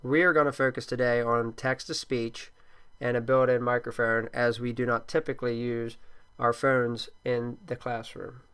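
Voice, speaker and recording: Man with a smooth, flat tutorial voice. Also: medium pitch, moderate pace. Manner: plain, steady instructional tone with occasional fillers. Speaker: teacher. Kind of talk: screen-recorded software tutorial. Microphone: computer microphone.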